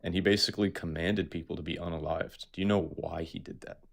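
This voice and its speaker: Gravelly deep-voiced young man caller. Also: steady tone, quick pace, fairly bright tone. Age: 20s. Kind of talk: casual call-in chat.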